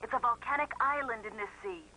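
A woman reading clues in a scripted TV show, brisk and matter-of-fact. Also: a little high, sharp tone, low-quality recording. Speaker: clue giver.

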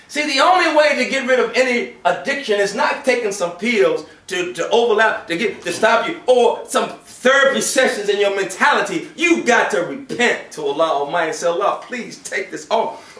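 A man giving a Friday sermon, switching between shouted acted-out voices and hushed, quiet passages. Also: very high-pitched, expressive, normal speed. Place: mosque prayer hall. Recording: echoey room from a distance.

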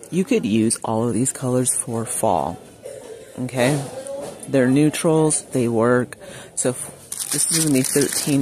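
A man's voice: medium pitch, a little mellow, a little hiss or hum. A man chatting casually and enthusiastically as he walks through a large craft store, reading out prices into a handheld phone. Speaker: shopping vlogger. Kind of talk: casual shop-with-me walkthrough.

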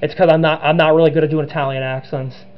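A man giving excitable let's-play commentary on a horror game, narrating each move as he plays. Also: a little high, fast, highs cut off, noisy background. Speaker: gaming channel host.

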